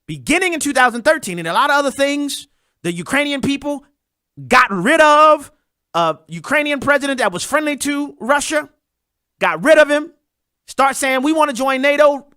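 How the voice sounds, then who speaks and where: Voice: high voice, lively intonation, normal speed, bright, forceful tone, no echo, clean studio sound. A host delivering a sarcastic political commentary monologue, talking straight to listeners and mocking the people discussed.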